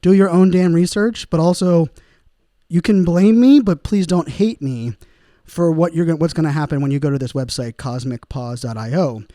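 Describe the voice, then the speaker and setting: A man's voice: a little high, moderate pace, warm tone, dry recording, studio quality. A man hosting a solo podcast, talking casually and rambling with lots of fillers, chuckling at his own puns. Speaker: podcast host.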